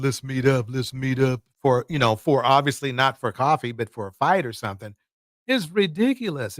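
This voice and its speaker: A man's voice: a little high, fairly bright tone, no echo, studio quality. A man hosting livestream commentary, emphatic and repeating words for effect. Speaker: commentary host.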